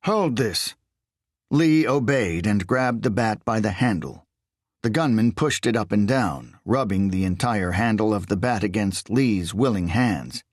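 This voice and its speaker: A man reading a thriller audiobook in measured, expressive scripted narration. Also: lowish voice, no room sound, studio quality.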